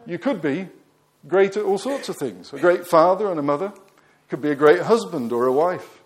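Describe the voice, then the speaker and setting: A man preaching a sermon, emphatic, asking the congregation questions and letting his voice fall quiet at the ends of phrases. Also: a little high, lively intonation, moderate pace.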